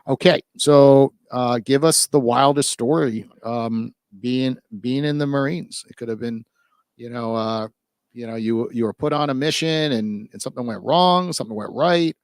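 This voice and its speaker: A man's voice: mid-range voice, normal speed, no room sound. A man hosting a podcast, welcoming listeners and asking a guest questions in a loose, filler-heavy way. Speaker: podcast host.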